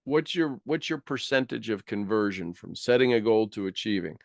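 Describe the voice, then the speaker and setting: A man's voice: fairly low pitch, animated, moderate pace, vocal fry, no room sound. A man giving a motivational coaching talk, acting out quoted voices and laughing often.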